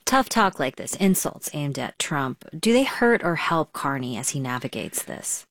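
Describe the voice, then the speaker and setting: Deep-voiced woman hosting radio news. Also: sing-song, normal speed, no room sound, clean studio sound.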